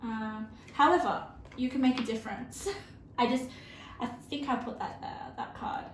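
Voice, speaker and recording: A woman reading tarot cards for her viewers in a fairly high voice, earnest and openly emotional. She talks haltingly, full of fillers and restarts. The sound is roomy, with a faint hiss behind her. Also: steady tone. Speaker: tarot reader.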